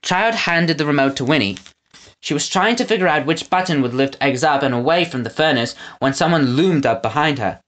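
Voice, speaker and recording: A man narrating a children's audiobook with an expressive reading. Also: on the high side, brisk. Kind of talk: storybook narration.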